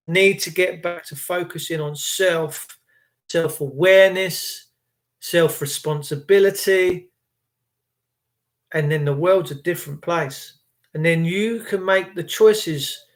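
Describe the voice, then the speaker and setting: Brief: male vlogger, fairly high voice, fervent and repetitive, preaching self-reliance. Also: fairly bright tone. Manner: impassioned, rambling, repetitive. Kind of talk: motivational monologue.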